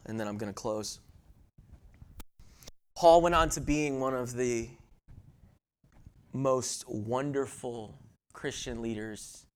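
A middle-aged male pastor preaching a sermon in church, building to loud emphatic peaks and then dropping to hushed storytelling, often repeating words as he restarts. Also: mid-range voice.

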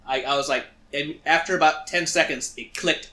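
A man's voice: on the high side, normal speed, roomy sound, slight background noise. A man co-hosting a podcast, telling a story casually and acting out what he said. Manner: animated, acts out quotes of himself. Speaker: podcast co-host.

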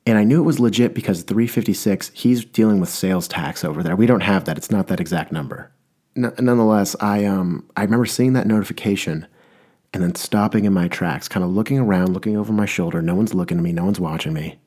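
A man's voice: deep voice, fast talker, warm tone. A young man delivering a rambling, mock-earnest comedic rant, often stopping to correct himself.

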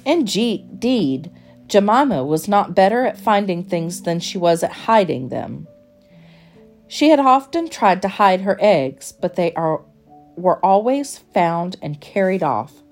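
A woman reading a children's storybook aloud in a gentle, expressive, measured way. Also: fairly low pitch, faint music behind.

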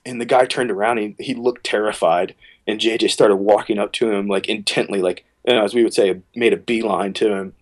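A man's voice: brisk, low-quality recording. A man, a worship leader, casually telling a long story on a podcast and acting out what people said. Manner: relaxed storyteller, acts out quotes with sudden pitch jumps.

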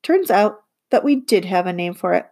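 A woman narrating a children's audiobook in the first person, with lively, girlish storytelling. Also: medium pitch, normal speed. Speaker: audiobook reader.

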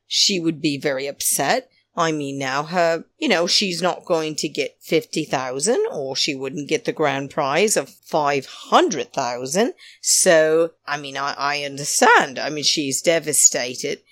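A middle-aged woman giving a rambling, blunt, opinionated recap of a reality show, full of fillers. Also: no room sound. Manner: rambling, blunt, many fillers, big pitch swings. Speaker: reality TV commentator.

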